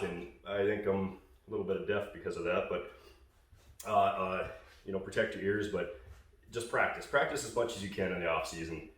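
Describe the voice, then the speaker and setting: Low-voiced guy rambling through a goose call tutorial, lots of uhs, sounds distant in a really echoey space. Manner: casual, rambling, many fillers and restarts.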